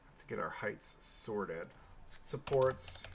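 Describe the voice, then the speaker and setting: Slow, gravelly male game streamer. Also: on the low side, slight background noise. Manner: thinks aloud, chatty, bursts of excitement. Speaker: livestream host building in a park game. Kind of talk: casual live gameplay commentary.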